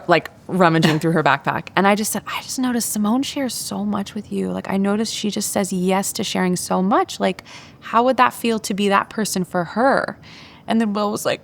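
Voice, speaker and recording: A woman appears as a guest on a podcast interview and tells a parenting story candidly and with animation. She acts out the voices she quotes, uses many filler words, and speaks at a medium pitch.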